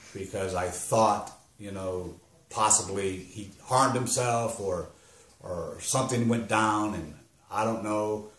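Low-voiced man, halting, in an echoey room. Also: a bit bright. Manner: halting, rambling with restarts. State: struggling to hold back emotion. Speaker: grieving father. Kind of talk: personal testimony. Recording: roomy echo.

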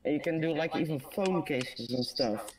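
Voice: medium pitch, normal speed. Casual co-host heard from a distance. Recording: distant voice with light noise.

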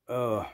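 A man with a Southern US accent telling a rambling work story in a folksy, plainspoken way, often clearing his throat. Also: mid-range voice, mellow. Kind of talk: casual storytelling.

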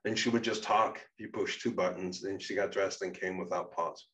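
A man reading his own memoir aloud in a measured, serious way. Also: low-pitched, fairly even intonation, fairly bright tone, recorded from a distance, poor audio. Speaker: narrator and author. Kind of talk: memoir narration.

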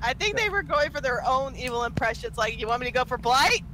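A woman chatting excitedly on a voice call while gaming, joking and laughing often. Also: high-pitched, quick pace, heavy background noise. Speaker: gamer on a group call. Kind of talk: casual gaming chat.

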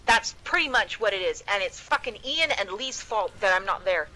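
A woman's voice: medium pitch, lively intonation, normal speed, sharp tone, rough recording. A woman in her thirties at home, venting bluntly and profanely to a friend in a casual voice chat. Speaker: gamer in voice chat.

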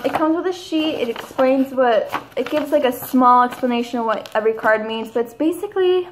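A young woman in her twenties chatting casually at home in a haul video, gushing and rambling with drawn-out enthusiasm. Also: high voice, slight background noise. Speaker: vlogger.

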